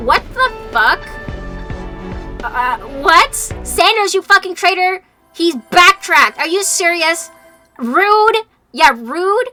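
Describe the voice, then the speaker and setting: A woman streamer chatting live over a game, animated and exasperated, swearing freely, at a desk mic with faint music behind. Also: extremely high pitch, slow. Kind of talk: casual livestream chat over a game.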